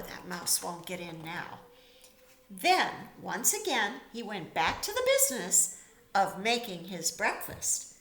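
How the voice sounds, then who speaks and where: A woman teacher reading a picture book aloud to children, expressive and pausing to comment on the pictures. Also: medium pitch, reverberant, slight background noise.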